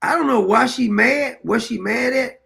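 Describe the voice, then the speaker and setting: Gravelly high-voiced man, blunt and mocking. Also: moderate pace, very noisy. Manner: blunt, mocking, laughs at the clips. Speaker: commentary show host. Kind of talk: reacting to news clips.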